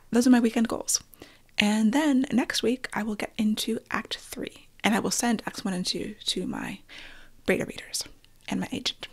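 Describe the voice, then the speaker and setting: A middle-aged woman hosting her own podcast, chatting candidly and with self-deprecating humor about films and her week. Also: a little high. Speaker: podcast host. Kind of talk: casual solo podcast chat.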